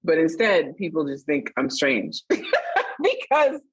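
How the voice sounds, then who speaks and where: Husky-voiced woman, reflective guest. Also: low-pitched, slow pace, dry recording, rough recording. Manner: reflective, animated when retelling stories. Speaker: interview guest, magazine editor. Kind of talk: conversational interview.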